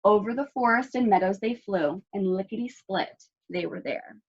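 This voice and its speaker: A woman librarian reading a picture book aloud at children's story time, expressive and asking the children questions, in a dull lo-fi recording. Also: medium pitch, normal speed, slightly rough.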